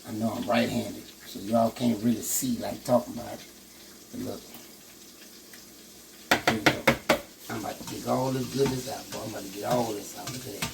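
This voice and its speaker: Gravelly folksy man cooking on camera. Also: lowish voice, steady tone, normal speed, long pauses, heavy background noise. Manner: folksy, chatty, talks to viewers, says "boy" a lot. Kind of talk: casual cooking demonstration. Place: kitchen with frying food. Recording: clear frying sizzle behind the voice. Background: sizzling frying food.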